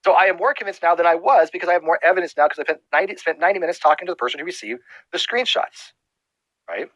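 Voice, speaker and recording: Male livestream host, high lively voice, heated and profane, rapid-fire demands. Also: dry recording, lo-fi sound.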